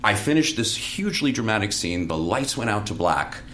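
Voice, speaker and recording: A man's voice: fairly low pitch, moderate pace, background noise. A man who is a stage actor, telling theater anecdotes in casual chat, laughing often as he goes. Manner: lively storyteller, laughs often.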